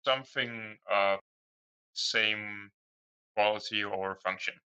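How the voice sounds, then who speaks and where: Man doing a grimy, awkward machinist, stiff and halting, bright and crisp. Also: on the low side, fairly even intonation, heavily acted. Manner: stiff, halting formal speech. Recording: dull lo-fi recording.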